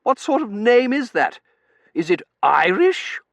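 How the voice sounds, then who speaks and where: A man's voice: sits high, big pitch swings, a little slow, creaky, no echo, muffled recording, pitched above the performer's own voice, heavily acted. A man voicing a haughty, frosty Victorian matron who speaks with icy disdain. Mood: indignant.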